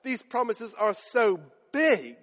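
A man delivers a sermon in a high, earnest voice, pressing each point with emphatic repetition. The sound carries a long reverb, as in a large church. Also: big pitch swings, takes it slowly, a bit bright. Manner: earnest, emphatic, repeats phrases for effect. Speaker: preacher.

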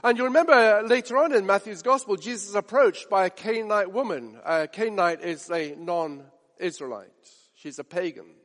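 Male preacher, high voice, emphatic and repetitive, long hall reverb. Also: normal speed, a bit bright. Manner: emphatic, builds stakes with repetition and rhetorical questions. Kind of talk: sermon.

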